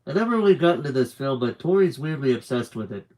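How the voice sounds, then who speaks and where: A man's voice: mid-range voice, animated, fast, a little mellow, low-quality recording. Man reading a novel aloud. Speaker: book reader. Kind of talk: live book reading.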